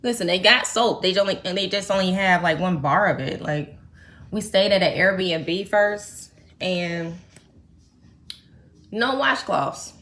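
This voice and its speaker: Bright-voiced chatty woman vlogger. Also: fairly low pitch, animated, slow pace. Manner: chatty, joking, talks to viewers. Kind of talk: casual chat while getting ready.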